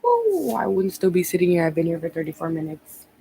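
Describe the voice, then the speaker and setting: A woman's voice: lowish voice, huge pitch swings, fairly quick, warm tone, a little hiss or hum, poor audio. A woman tarot reader talking casually on a live stream, rambling with many ums and restarts, a bit out of breath.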